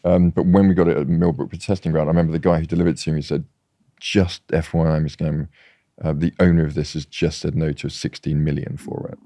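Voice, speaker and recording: A man's voice: very deep voice, quick pace, no room sound, studio quality. A man guest chatting casually, telling anecdotes with many restarts. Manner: animated storyteller, trailing restarts. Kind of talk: casual chat.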